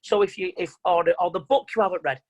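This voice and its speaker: A man's voice: sits high, fast, low-quality recording. A man giving an online motivational seminar as a mind coach, talking in an emphatic, plain-spoken and repetitive way over a video call.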